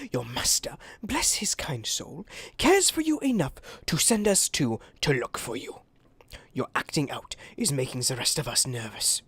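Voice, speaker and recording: A cruel young woman enforcer hisses her threats in a low, menacing whisper, as a podcaster puts her on. This is whispered role-play, and the sound is close and dry. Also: a bit bright, slightly rough, dry recording, heavily acted.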